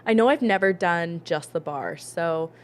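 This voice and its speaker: A woman co-hosting a relaxed podcast, talking freely in long rambling turns. She trails off mid-thought and circles back with easy chatter. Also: fairly low pitch, normal speed, a little hiss or hum. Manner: rambling, talkative, trails off and restarts. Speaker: podcast co-host. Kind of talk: casual podcast chat.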